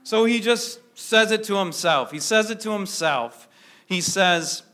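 A man's voice: high-pitched, lively intonation, unhurried, pushed and bright. A man preaching a sermon to a congregation in a conversational way, often asking his listeners questions. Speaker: pastor.

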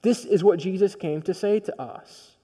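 A male pastor preaching a sermon, telling a story in a personal, conversational way that swings from quiet to emphatic. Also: sits high, normal speed, long reverb tail.

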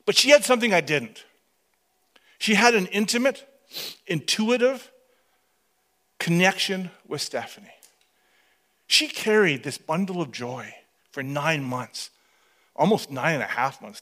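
A man in his fifties, a pastor telling a story in a sermon, animated and dramatic, often sinking to hushed tones. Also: on the high side, measured pace, long pauses.

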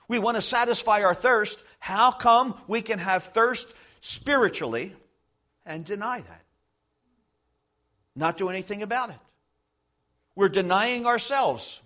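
A man preaching a sermon as pastor, emphatic, slowing down to stress key lines and acting out little everyday scenes. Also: high-pitched, animated, bright, forceful tone.

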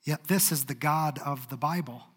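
A man preaching in a high, bright, pointed voice, with expressive and dramatic delivery. His words ring out into a large church hall with a long reverb tail. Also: normal speed, slightly rough. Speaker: pastor. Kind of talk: sermon.

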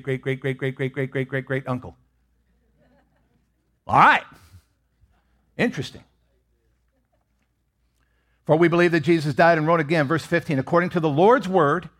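A man preaching a sermon as pastor, expressive, swinging between loud emphasis and hushed, near-whispered lines. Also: mid-range voice.

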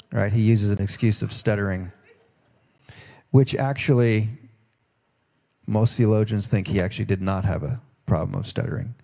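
Gravelly, mellow-voiced male preacher. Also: lowish voice, normal speed, pauses often. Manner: conversational, folksy preaching with restarts. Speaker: pastor. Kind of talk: sermon.

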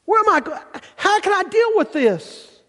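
A man acting out God as a frustrated but loving father, crying out in a pleading, high-pitched voice. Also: big pitch swings, normal speed, a bit bright, full character voice. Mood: exasperated. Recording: long hall reverb.

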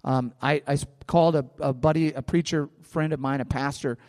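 A man's voice: fairly high pitch, steady tone, brisk, darkish tone. A male pastor preaching a sermon in a conversational way, telling stories and often restarting his phrases. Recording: long hall reverb.

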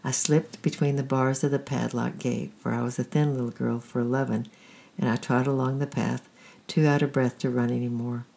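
Storyteller, first-person storybook reading, quiet and steady, dark, gravelly voice. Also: medium pitch, normal speed.

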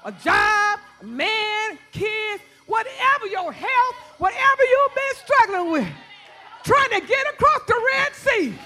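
A woman preacher with a very high-pitched voice shouts a repetitive sermon in church. She calls out congregants by name and draws responses from them.

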